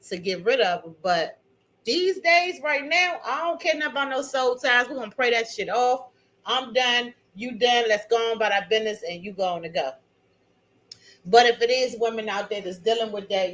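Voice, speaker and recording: A woman's voice: medium pitch, fairly bright tone, rough recording. A woman in her fifties from Maryland, hosting her own channel and telling a personal story to viewers in a chatty, emphatic way, calling them y'all and honey. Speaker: channel host.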